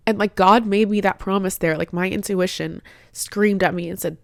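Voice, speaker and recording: A woman's voice: medium pitch, fast talker, gravelly, no echo, clean studio sound. A woman in her twenties hosting a candid personal podcast, chatting in a heartfelt way with many "like" fillers. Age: 20s. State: tearful, emotional at times. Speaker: podcast host.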